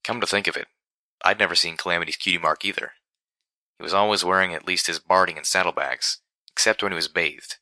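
A man narrating a first-person story with a steady, measured reading. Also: deep voice, no room sound. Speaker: audiobook narrator.

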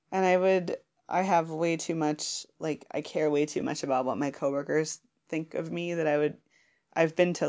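Female guest, low gravelly voice, giggly and rambling answers. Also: darkish tone. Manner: giggly, rambling, many fillers and restarts. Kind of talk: casual chat.

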